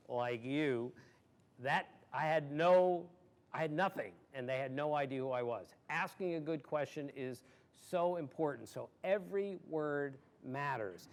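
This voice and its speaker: A man in his sixties from Maryland, guest at an audience Q&A, telling stories in an animated, emphatic way and laughing easily. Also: medium pitch. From Maryland, USA. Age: 60s. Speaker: guest sportswriter. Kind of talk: storytelling in an audience Q&A.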